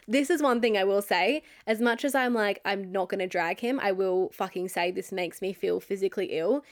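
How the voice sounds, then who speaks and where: A woman's voice: mid-range voice, moderate pace, few pauses. Aussie girl in her 20s ranting a storytime, says like a lot, swears heaps. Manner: candid, swears often, many "like" fillers. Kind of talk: casual storytime.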